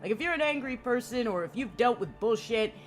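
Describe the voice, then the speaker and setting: A young American woman streams a game and gives casual commentary, rambling, cursing and saying "like" a lot. Her voice is a little high, animated and brisk, with faint game music in the background.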